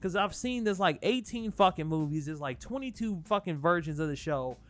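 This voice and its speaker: A man's voice: fairly high pitch, lively intonation, moderate pace. A man hosting his own channel, rambling casually through spoilers with lots of swearing, fillers and restarts. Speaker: channel host.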